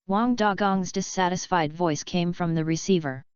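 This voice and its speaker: A woman reads an audiobook in a steady, even way. Her voice is low and very clear. The recording is dry and slightly dull and lo-fi. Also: moderate pace, hardly any pauses, no echo. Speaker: audiobook narrator. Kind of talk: scripted narration.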